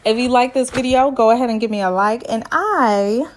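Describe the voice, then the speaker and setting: A woman recapping a reality show in a casual, sassy, teasing way, with lively asides. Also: fairly high pitch, moderate pace. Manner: sassy, animated, playful teasing.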